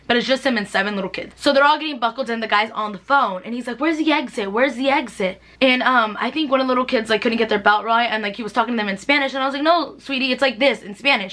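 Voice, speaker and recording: A young woman rattles off storytime anecdotes at a brisk clip. Her voice sits a little high, and her talk is loose, giggly and full of filler words. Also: pushed and bright. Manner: chatty, laughs often, heavy filler "like". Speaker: vlogger. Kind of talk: casual storytime vlog.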